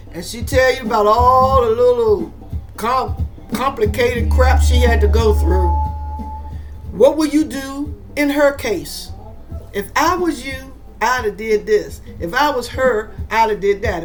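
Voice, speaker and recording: Middle-aged woman on her podcast, kinda high voice, preachy and rambling, faint music behind. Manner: animated, preachy and rambling, with swooping emphasis. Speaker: podcast host. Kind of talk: casual monologue.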